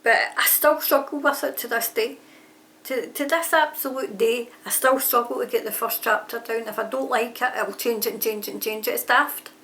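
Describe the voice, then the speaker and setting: A woman with a slightly high, somewhat bright voice talks at a moderate pace with fairly even intonation. An aspiring author answering a tag, she chats casually about her writing, rambling and often correcting herself mid-sentence. She's at home near a railway line, and trains can be heard passing.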